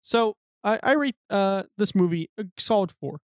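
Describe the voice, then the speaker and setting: In casual movie-review banter, this podcast co-host rambles, curses and laughs. His high voice has lively intonation and a moderate pace, captured dry and clean in a studio.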